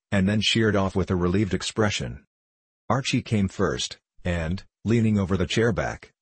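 A man narrating a classic novel in a measured storytelling manner. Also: deep voice, breathy edge, no room sound. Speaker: audiobook narrator.

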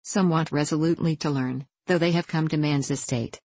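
Woman reading a middle-aged clergyman father, slow, measured, hesitant, low voice. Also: steady tone, darkish tone, dry recording. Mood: anxious.

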